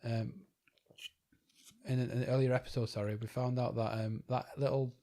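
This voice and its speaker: A man's voice: medium pitch, little pitch movement, moderate pace, dark tone. Hesitant young man chatting. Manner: hesitant, full of fillers and restarts, eager. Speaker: podcast co-host. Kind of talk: casual chat.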